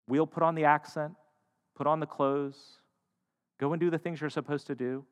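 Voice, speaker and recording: A man preaching a sermon, shifting between loud emphatic lines and hushed, quiet ones. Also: fairly high pitch, fairly even intonation, normal speed, smooth. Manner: dynamic, swings from loud to hushed. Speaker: pastor. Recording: long hall reverb.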